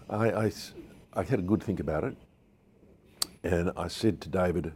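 A man's voice: deep voice, unhurried, long pauses, mellow, a little hiss or hum. An Australian businessman in his sixties telling candid stories in an interview and acting out what people said. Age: 60s. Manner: anecdotal, candid, acts out quotes. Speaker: business founder guest. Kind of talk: storytelling interview.

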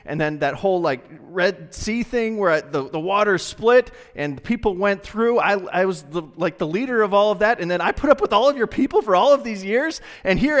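A man's voice: high-pitched, long reverb tail, pitched above the performer's own voice. A man putting on an indignant, protesting old prophet. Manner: indignant, rapid complaining rant. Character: exasperated aging male prophet protesting his punishment.

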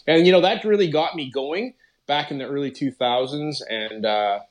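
A middle-aged Canadian man, a guest on a podcast, rambles casually through a conversational interview, leaning heavily on fillers like "you know" and "like." His voice is fairly high-pitched and he talks at a normal speed.

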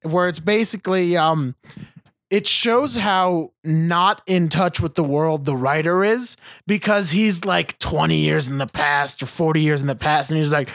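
High, gravelly-voiced man ranting. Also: a little slow, fairly bright tone, dry recording, studio quality. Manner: ranting, profane, mocking voices. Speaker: podcast co-host. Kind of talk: casual chat. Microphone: video call.

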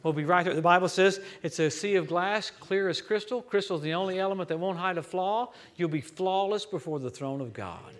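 A man with a notably high voice preaches with an American accent. He delivers his sermon in a lively, joking way that swings up into sudden loud bursts. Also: a little fast, hardly any pauses. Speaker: guest preacher.

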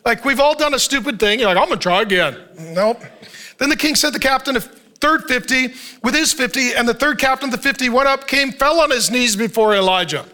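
A man's voice: very high-pitched, brisk, sharp tone. A male pastor preaching a sermon, telling the story with jokes and frequent laughter.

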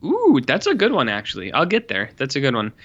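A young man co-hosting a podcast chats casually and animatedly about movies in a brisk, mid-range voice, swearing now and then. He mimics characters with squeals, and the lo-fi audio sounds slightly dull.

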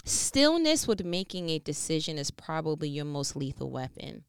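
A woman giving an inspirational faith talk, preaching with animated energy and swinging between rapid bursts and slow, hushed emphasis. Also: sits low, creaky, smooth, no echo. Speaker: faith speaker.

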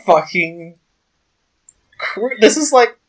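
A man hosting a podcast who breaks into excitable, filler-heavy rants in casual comedic chat. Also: sits high, slow. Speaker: podcast host.

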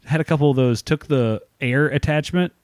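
A man's voice: on the high side, normal speed, darkish tone, dry recording, clean studio sound. A man in his thirties, co-hosting a podcast, telling a long self-mocking story with lots of swearing and laughter. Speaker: podcast co-host. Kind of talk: casual storytelling chat.

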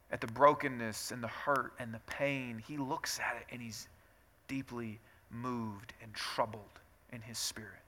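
A man preaching a conversational sermon as pastor, moving from quiet reflection to loud, emphatic passages. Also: mid-range voice.

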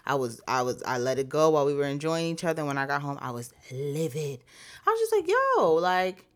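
A woman's voice: low-pitched, fast talker. A woman co-hosting a casual podcast, talkative and open, filling her speech with "like" and "you know.". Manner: talkative, many "like" fillers, animated retelling. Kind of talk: casual chat.

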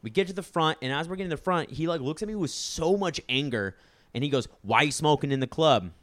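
A man's voice: a little high, animated, fast talker, fairly bright tone, no room sound. A young man co-hosting a podcast, telling a story in casual chat and acting out other people's lines.

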